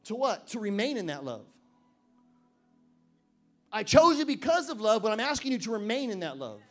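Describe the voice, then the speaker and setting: A man with a very high voice preaching to his church. He swings from loud emphatic declarations to quiet joking asides, and he slows right down to read scripture with weight. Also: very animated, faint music behind. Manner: reads scripture slowly and deliberately. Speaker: pastor. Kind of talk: sermon. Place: church service.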